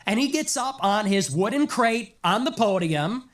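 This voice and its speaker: A high-voiced man delivers a sarcastic commentary monologue with a wide, swooping pitch. He mocks and stresses his points in long emphatic lists. A nagging cough keeps breaking through. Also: lively intonation, a little slow, a bit bright. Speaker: political commentator.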